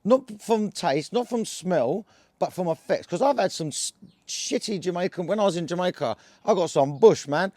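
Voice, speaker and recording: A man with an Essex accent and a somewhat high voice rambles through a casual story to camera. He is full of slang and filler and keeps restarting his sentences. The sound is dry and close, with no room echo. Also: animated, moderate pace, darkish tone. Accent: Essex English. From England. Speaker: cannabis vlogger.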